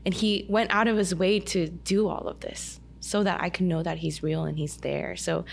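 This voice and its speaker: A woman guest on a podcast, telling a personal story in a chatty, animated way with lots of "like". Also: fairly low pitch, moderate pace, gravelly, a little hiss or hum. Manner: chatty, heavy use of "like", animated retelling. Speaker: podcast guest, dance studio owner. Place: indoor podcast table over a meal.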